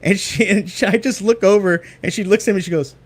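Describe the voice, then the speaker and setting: A young man chatting as a guest, animated and fond of acting out what people said. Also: high-pitched, fast. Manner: animated storyteller, acts out quotes. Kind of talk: casual chat.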